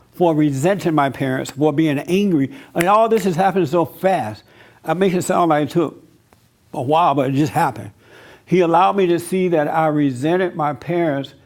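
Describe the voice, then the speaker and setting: Male pastor, slightly high voice, conversational preaching style, talks to the congregation. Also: a little mellow. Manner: personal testimony, conversational teaching; casual speech with fillers. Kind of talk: church talk with audience.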